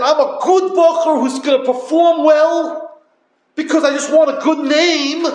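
Man, high voice, yeshiva lecturer, yeshivish english, echoey room. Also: animated, brisk. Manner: storytelling, addresses listeners directly; Yiddish-inflected yeshivish English. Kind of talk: Torah talk to yeshiva students.

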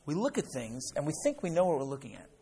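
A man's voice: fairly high pitch, wildly swooping pitch, fast, warm tone, a little hiss or hum. A middle-aged man teaching a class in a casual, chatty way, telling a story with lots of fillers and "right?" check-ins. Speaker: Torah teacher.

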